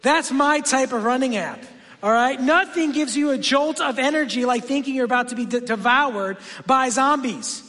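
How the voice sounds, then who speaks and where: High-voiced man preaching in a reverberant church. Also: normal speed, pushed and bright. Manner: conversational, anecdotal preaching with frequent asides. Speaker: pastor. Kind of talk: sermon. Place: church sanctuary.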